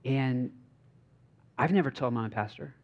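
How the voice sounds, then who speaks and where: Male pastor, mid-pitched, informal storytelling sermon with fillers, a bit muffled. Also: a little slow. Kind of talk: conversational sermon. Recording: slightly dull lo-fi recording.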